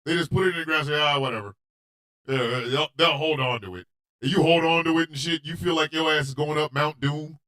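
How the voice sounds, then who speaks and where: A man hosting a radio show, telling a comedic story in a loud, animated, profane way and often shouting. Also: a little high, a little fast.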